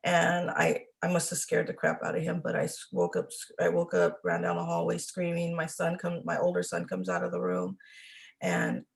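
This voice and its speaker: A middle-aged woman giving a halting, emotional personal account as an interview guest, with many restarts. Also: fairly low pitch, very animated, creaky. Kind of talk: personal testimony.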